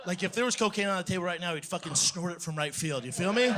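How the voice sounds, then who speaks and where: A man's voice: sits high, expressive, fast, a crowd in the background. A man performing a stand-up comedy bit, brash and profane.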